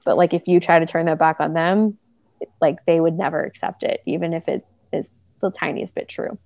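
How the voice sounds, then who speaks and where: A woman's voice: low-pitched, fairly even intonation, brisk, gravelly, a little mellow, dry recording. A woman co-hosting a casual talk show, chatting with many fillers and acting out quoted speech in different voices. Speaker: podcast co-host. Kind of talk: casual conversation about relationships.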